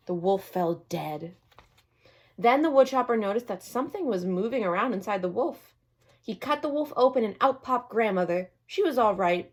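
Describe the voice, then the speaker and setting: A woman reading a children's storybook aloud in a friendly, expressive way. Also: mid-range voice.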